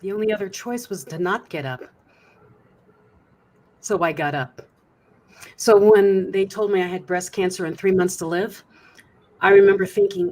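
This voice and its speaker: A woman's voice: mid-range voice, moderate pace, pauses often, a little mellow, poor audio. A woman, a motivational speaker and coach, telling her personal story earnestly as a remote interview guest.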